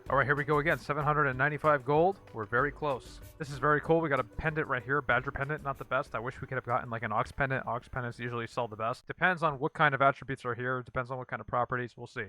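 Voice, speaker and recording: A man giving casual gameplay commentary as a channel host, repeating blunt one-word verdicts in a dry, flat way. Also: mid-range voice, quick pace, hardly any pauses, dry recording, soft background music.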